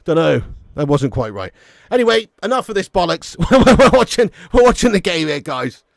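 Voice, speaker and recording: A man's voice: high voice, sing-song, normal speed, creaky, dry recording, clean studio sound. A man giving chatty, jokey live football commentary as a watch-along streamer.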